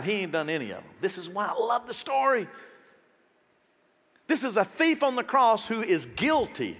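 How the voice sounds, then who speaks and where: A man preaching a sermon as pastor, conversational and animated, firing off rhetorical questions and acting out the voices of the people in his story. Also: high voice. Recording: reverberant hall sound.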